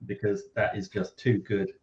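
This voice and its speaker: A man's voice: fairly low pitch, little pitch movement, normal speed, a little mellow, lo-fi sound. An English man co-hosting a live cooking stream, chatting enthusiastically and expressively while eating. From England. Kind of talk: casual live-stream chat.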